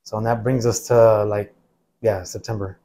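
A man in his forties, a veteran guest, recalling his past in a laid-back, halting way during a casual interview. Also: fairly low pitch, little pitch movement, warm tone.

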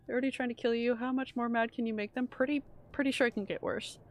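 A woman live-streaming a horror game, reacting excitably and chatting with her viewers as she plays. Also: on the high side, fast talker. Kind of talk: live gameplay commentary.

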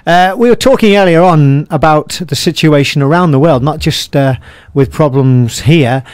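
A man's voice: fairly high pitch, normal speed, darkish tone, clear, resonant tone, no room sound, studio quality. A man co-hosting a live radio show, casual and jokey. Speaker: radio co-host.

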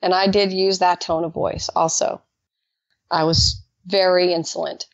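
Gravelly-voiced woman telling a faith story. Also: measured pace, no room sound. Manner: animated, acts out quoted dialogue with jumps in pitch. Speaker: podcast guest. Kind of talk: personal faith testimony storytelling. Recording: dull lo-fi dry recording.

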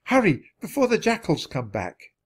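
A man voicing an eager, brave young girl adventurer in a storybook, talking in a high, excited, pleading way. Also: normal speed, husky, heavily acted.

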